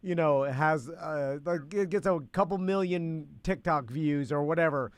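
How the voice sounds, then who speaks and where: A man hosting a casual talk show, asking long, halting questions full of fillers. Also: a little high, smooth, no room sound. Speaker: podcast host. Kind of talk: casual interview chat.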